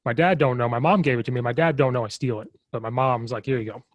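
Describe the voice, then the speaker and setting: A man's voice: medium pitch, fast talker, no room sound, dull audio. A man hosting a coaching podcast over a remote call, easygoing and joking. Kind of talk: casual podcast chat.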